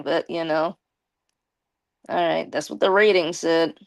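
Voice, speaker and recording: Gravelly-voiced woman streamer with a lisp. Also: low voice, steady tone, a little slow. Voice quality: slight lisp. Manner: chatty, talks straight to viewers, gives shout-outs. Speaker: live streamer. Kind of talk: casual live-stream chat.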